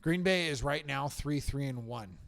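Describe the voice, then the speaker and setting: Gravelly-voiced man, opinionated sports talk. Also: mid-range voice, expressive, moderate pace, a bit bright, dry recording, clean studio sound. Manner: opinionated, confident football predictions. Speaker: podcast co-host. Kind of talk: casual sports chat.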